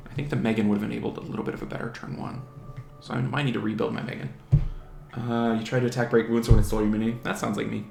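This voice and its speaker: A man's voice: mid-range voice, creaky. A man giving casual commentary on his own online game match, chatting strategy aloud and teasing the opposing monsters. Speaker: gaming channel host. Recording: roomy home recording with faint music.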